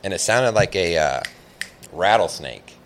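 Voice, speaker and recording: A man with a very low, deep voice spins a long, rambling fishing yarn in easygoing conversation. He leans on "like" constantly and gets animated as the story builds. A faint hiss of background noise sits under the recording. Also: measured pace. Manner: rambling, animated, heavy use of "like". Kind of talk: casual storytelling chat.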